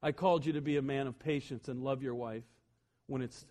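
A man voicing God as a gentle, patient, fatherly male figure who speaks calmly and quietly. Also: medium pitch, fairly quick, lightly acted.

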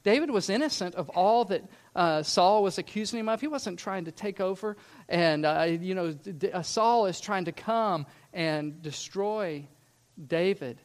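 A man's voice: high-pitched, unhurried. A man who grew up in Scotland, preaching a sermon in an earnest, emphatic way and asking the listeners rhetorical questions. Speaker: pastor.

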